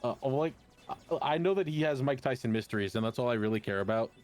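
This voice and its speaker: A man's voice: medium pitch, animated, fast talker, a little mellow. A man chatting and joking with friends during a game stream. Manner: joking, riffs on bits. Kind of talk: casual chat during a stream. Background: game music.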